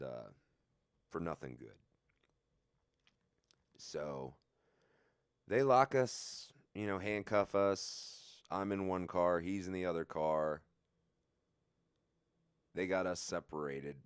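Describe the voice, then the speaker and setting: Deep-voiced man telling a rambling story. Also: no room sound, clean studio sound. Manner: profane, rambling, laughs at himself. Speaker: vlogger. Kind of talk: casual storytime.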